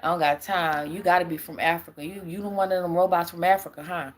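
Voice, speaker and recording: A woman's voice: lowish voice, fairly even intonation, fast talker. A young adult woman on a live stream who rambles, swears and laughs often while answering her chat as a spiritual reader.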